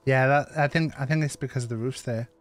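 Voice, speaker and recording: A man's voice: medium pitch, fairly even intonation, fairly quick, faint music behind. A man streaming a survival game, chatting loosely and repeating himself as he plays. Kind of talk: live gameplay commentary.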